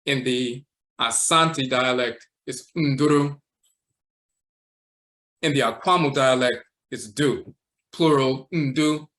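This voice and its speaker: A man teaching a livestream lecture, walking slowly through words and terms, repeating them and often tacking on "and so forth.". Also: mid-range voice, sharp tone. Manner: measured, repeats terms and says "and so forth" a lot. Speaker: teacher of a spiritual tradition.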